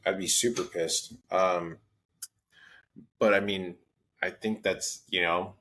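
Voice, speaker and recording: A man with a notably deep, low voice co-hosting a golf podcast. He chats loosely and tells a long story, often restarting his sentences. His tone is easygoing and relaxed. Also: slow pace. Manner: rambling, lots of restarts and fillers, storytelling. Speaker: podcast co-host. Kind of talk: casual chat.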